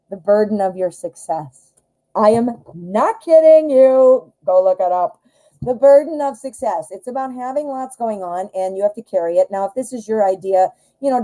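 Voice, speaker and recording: A woman running a live tarot reading, her voice mellow and warm. She talks in a loose, chatty way, full of fillers, and gets giddy and excitable. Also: medium pitch, low-quality recording. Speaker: tarot reader hosting a live show.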